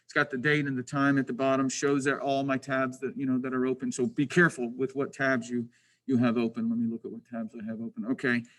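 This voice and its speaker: A man's voice: mid-range voice, completely flat delivery, quick pace, a bit bright, poor audio. A man teaching a screen-recorded drafting lesson, thinking aloud with lots of restarts, self-questions and grumbling asides. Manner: frustrated, self-deprecating asides.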